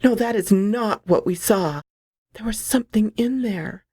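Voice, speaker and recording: A woman's voice: medium pitch, measured pace, warm tone, slightly rough, dry recording, clean studio sound, voice pushed up. A woman voicing a terrified young woman who urgently demands answers. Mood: panicked. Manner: urgent and insistent.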